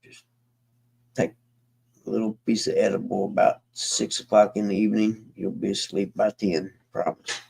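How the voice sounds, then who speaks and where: A man with a low, heavily gravelly voice talks casually to his stream viewers. He rambles in a folksy way, trailing off and restarting. His tone is dark, mellow and husky. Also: level tone, normal speed, rough recording. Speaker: livestream host.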